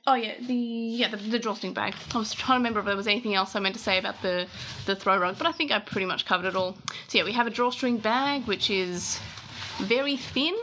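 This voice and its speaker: A woman's voice: mid-range voice, quick pace, pushed and bright, slight background noise. An Australian woman talking casually through an unboxing for her vlog, rambling a little and correcting herself as she goes. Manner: rambling, self-correcting, chatty. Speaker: vlogger.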